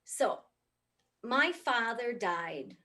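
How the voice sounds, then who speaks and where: A middle-aged woman from the United States giving a comic, animated keynote talk. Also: on the high side, drawn-out words. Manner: animated, comic, swoops up for punchlines. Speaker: motivational speaker.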